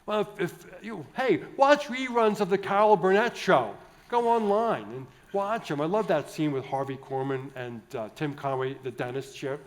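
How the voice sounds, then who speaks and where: Priest guy doing a keynote, rambly and jokey, lotsa restarts, kinda high voice. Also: normal speed, few pauses. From United States. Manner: chatty and jovial, digressive, with many restarts and asides. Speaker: Catholic priest, keynote speaker. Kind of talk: conference keynote talk. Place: large indoor conference hall.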